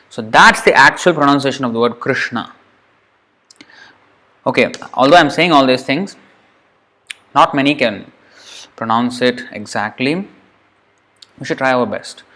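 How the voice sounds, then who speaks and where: A man teaching Sanskrit pronunciation in a relaxed lesson. He repeats each sound several times and thinks aloud. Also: mid-range voice, measured pace, long pauses. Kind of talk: informal lesson drilling sounds.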